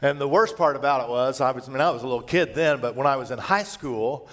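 A middle-aged man preaching a conversational sermon as a pastor, telling personal stories and moving between hushed and raised delivery. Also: medium pitch, fast talker.

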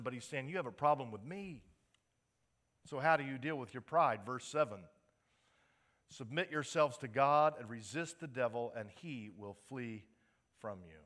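This sermon comes from a man preaching at a Sunday service, his medium-pitched voice bright and forceful at a moderate pace. Passages rise into emphatic, passionate highs before settling into soft sincerity.

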